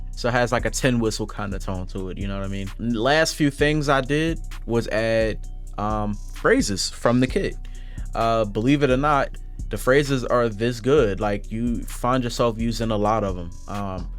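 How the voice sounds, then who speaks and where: A young man with a fairly low voice talks through a beat-making tutorial in an easy, unhurried way. He fills his sentences with "um" and "man" as he explains, and faint music plays under his voice. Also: smooth. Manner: laid-back, loose, with many fillers and "man". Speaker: music producer teaching a tutorial. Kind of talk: casual screen-recorded tutorial.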